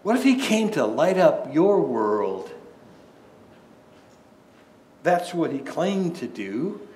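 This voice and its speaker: Slow-talking preacher man in an echoey hall. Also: on the high side, big pitch swings, darkish tone, slight background noise. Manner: conversational preaching with rhetorical questions and repeated restarts. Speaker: pastor. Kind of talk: sermon. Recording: echoey room.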